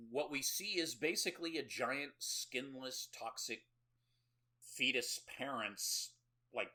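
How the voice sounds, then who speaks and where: A man's voice: mid-range voice, bright, forceful tone. A man co-hosting a horror movie podcast, recapping a film in a casual, sarcastic way with swearing and laughing asides. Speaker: podcast co-host.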